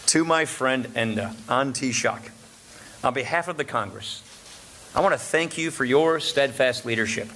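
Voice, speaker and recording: Guy from wisconsin at a lectern doing a lunch speech, bright kinda high voice, keeps laughing at his own jokes. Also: a little hiss or hum. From Wisconsin, USA. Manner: joking, chuckles at his own punchlines. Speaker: speaker at a political luncheon. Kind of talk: formal after-lunch speech.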